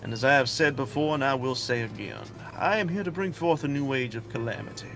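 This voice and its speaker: A man's voice: mid-range voice, quick pace, gravelly, over music, lightly acted. A man voicing a smug, theatrical male villain who brings calamity, with a gloating, mocking delivery. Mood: menacing. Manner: gloating, mocking farewell speeches.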